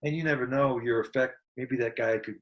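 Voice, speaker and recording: A man, a guest musician in a casual interview, telling a personal story in an earnest, reflective way that turns animated as he relives it. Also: medium pitch, a little fast, lo-fi sound.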